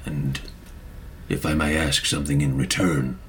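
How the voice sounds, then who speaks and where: A man voicing a gentle creature with a shell covered in mushrooms, solemn and deadpan. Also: rumbling low, measured pace, slight background noise, voice pushed down.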